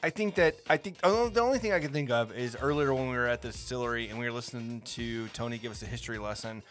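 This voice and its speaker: A man's voice: mid-range voice, fast talker, a bit bright, faint music behind. A man co-hosting a casual podcast in a laid-back way. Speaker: podcast co-host. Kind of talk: casual chat.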